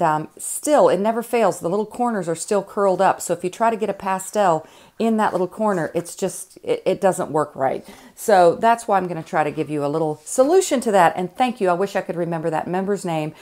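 A woman with a Southern drawl walks through an art demonstration in a relaxed, rambling way, pausing on fillers and restarting her sentences. Her voice sits a bit low for a woman. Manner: chatty, folksy, many fillers and restarts. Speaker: art instructor. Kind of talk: casual demonstration tutorial.

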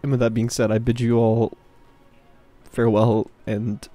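Halting, emotional young man. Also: mid-range voice, flat delivery, warm tone, faint music behind. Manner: halting, stammering, choked with emotion. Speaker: gaming clan member giving a farewell. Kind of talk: emotional farewell speech.

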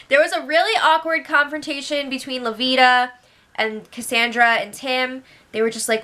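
Bright-voiced chatty young woman. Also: fairly high pitch, normal speed. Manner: chatty, gossipy, many fillers and acted quotes. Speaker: show recap host. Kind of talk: casual spoiler recap.

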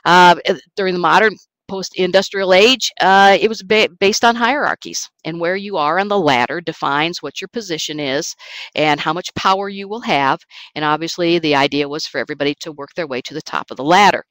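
Online lecturer, recorded presentation, informal asides, mid pitch, dry room. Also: fairly quick, fairly bright tone, dry recording, rough recording. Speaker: online course instructor.

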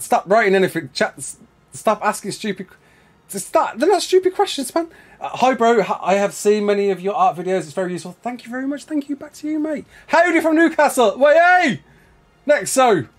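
He's a young man from England's West Midlands with a Brummie accent and a high-pitched voice. While live-streaming a survival game, he reads chat questions aloud quickly and eagerly, laughing a lot.

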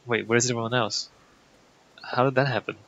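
A man's voice: medium pitch, steady tone, moderate pace, a bit bright, highs cut off. A man giving wry, chatty commentary while playing a video game, thinking aloud. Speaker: gameplay commentator. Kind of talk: casual let's play commentary.

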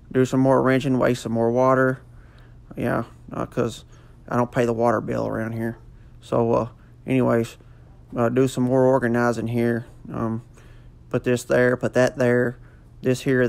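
A man's voice: medium pitch, monotone, measured pace, gravelly, clear, resonant tone. A man doing a goofy, rambling comic voiceover full of fillers. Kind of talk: joking mock voiceover.

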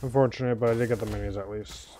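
A man's voice: fairly low pitch, steady tone, rapid-fire, warm tone. A worn-out, sleepy man streaming a game, talking casually over his play and mumbling with sighs and groans. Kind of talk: casual gameplay commentary.

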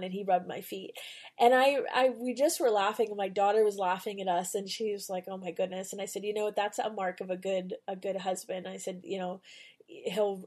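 Mellow-voiced woman hosting a devotional podcast. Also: mid-range voice. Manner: earnest, conversational storytelling. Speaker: podcast host. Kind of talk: devotional talk and spoken prayer.

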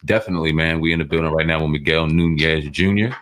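Deep, quick-talking male host. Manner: relaxed, slangy questioning. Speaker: interview host. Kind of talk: casual interview.

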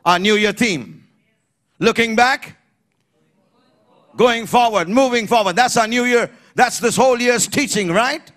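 A man preaching an emphatic sermon in church, building to shouted refrains and calling on the congregation to repeat after him. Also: extremely high pitch, measured pace, pauses often. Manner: emphatic preaching, rising to shouts, call-and-response. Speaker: pastor.

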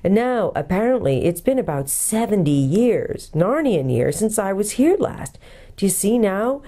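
A woman's voice: medium pitch, sing-song, unhurried, dark tone, voice pushed up. A woman voicing a cross, complaining English schoolboy in a storybook reading.

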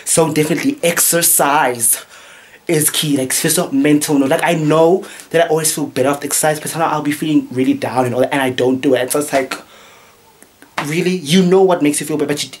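A man's voice: a little high, steady tone, quick pace, a little hiss or hum. Chatty young man vlogging. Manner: chatty and playful, full of "like" and asides. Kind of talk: casual vlog chat. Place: room at home.

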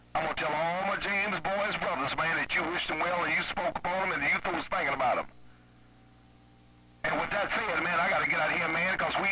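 A man chatting over CB radio in a drawn-out, friendly way, filling his talk with "man" and "I guarantee you". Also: on the high side. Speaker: CB radio operator. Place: at home by a CB radio base. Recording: heavy static over a CB radio.

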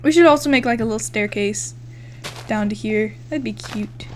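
A woman's voice: fairly high pitch, normal speed, slight background noise. A young woman giving casual let's-play commentary, chatting, swearing freely and counting blocks aloud as she builds. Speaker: gaming YouTuber.

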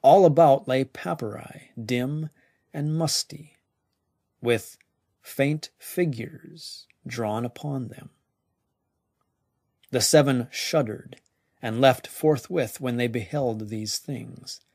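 A man narrating a weird tale slowly and deliberately, his voice dropping now and then to a hushed near-whisper. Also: mid-range voice, no echo, clean studio sound. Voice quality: gravelly. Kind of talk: slow scripted story narration.

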